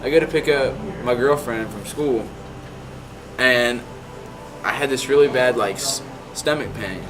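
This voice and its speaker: This is a casual, rambling story from a young man in his late teens, heavy on the word "like." He speaks in a mid-range voice at a slightly slow pace, and the recording is rough.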